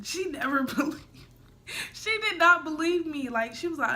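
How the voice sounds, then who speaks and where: Chatty young woman with a bright, high voice. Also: normal speed. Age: young adult. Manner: chatty, says "like" and "y'all" a lot, drops to a hush for quoted thoughts. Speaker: vlogger. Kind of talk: casual storytime.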